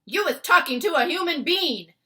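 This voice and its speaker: A woman voicing a huge, bullying male giant who shouts and booms in a storybook reading. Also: animated, moderate pace, full character voice. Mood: booming. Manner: booming shouts.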